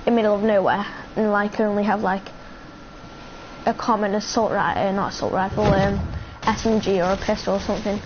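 A woman's voice: medium pitch, steady tone, a little fast. A woman giving rambling, chatty live commentary on her game and talking to her viewers. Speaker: game streamer. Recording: dull lo-fi mic with faint hiss.

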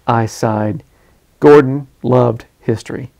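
A man reading his own hardboiled detective novel in a measured, first-person narration. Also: medium pitch, fairly even intonation, gravelly, a little mellow.

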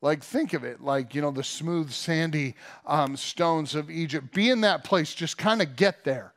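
A man with a slightly high voice preaches in church like he is telling a story to friends. He keeps it loose and chatty, stopping for little asides and fillers as he goes. He sounds like a pastor in his forties. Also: measured pace, a bit bright. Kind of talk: sermon.

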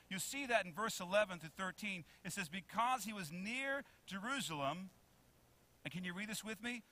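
A pastor preaching with a bright, somewhat high voice. He keeps asking the congregation to read along and answer. He drops from loud emphasis to soft, low asides. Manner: preaching with many questions to the congregation. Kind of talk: sermon.

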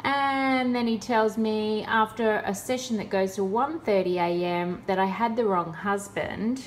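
A woman's voice: mid-range voice, a little slow, a little hiss or hum. A woman in a casual vlog, talking in a sarcastic, exasperated way. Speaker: vlogger.

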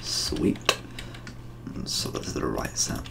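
A man's voice: extremely slow, background noise. A man with a British accent giving chatty, rambling, self-deprecating commentary while playing a game. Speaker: gaming channel host. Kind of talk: casual gameplay commentary.

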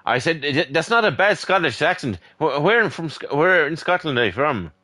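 A rowdy Irish man streams a game and chats casually over voice chat, swearing freely and teasing. His pitch leaps all over the place, and his tone is bright and ringing. He jokes loudly through the banter. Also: sing-song, moderate pace, no echo. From Ireland. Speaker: gaming streamer. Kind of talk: casual voice chat while gaming.

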